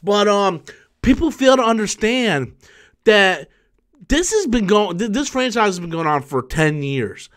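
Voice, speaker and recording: Excitable, tired man in his thirties, high voice. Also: unhurried. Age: 30s. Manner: excitable, rambling with frequent restarts. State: tired after a long work shift. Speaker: YouTube channel host. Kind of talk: live-stream chat reading viewer messages.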